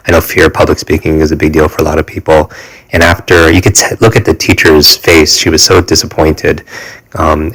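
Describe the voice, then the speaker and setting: A man in his forties with a very deep, low voice tells a personal story as a podcast guest. He speaks earnestly, stopping and restarting often with fillers, and his pitch stays fairly flat. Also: poor audio.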